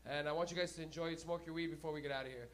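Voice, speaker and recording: A young man hosting a comedy night and telling stand-up stories in a loud, profane way, breaking into laughter, in a small club. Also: on the high side, fairly even intonation, racing, a little hiss or hum. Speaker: comedy host. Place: small smoky comedy venue.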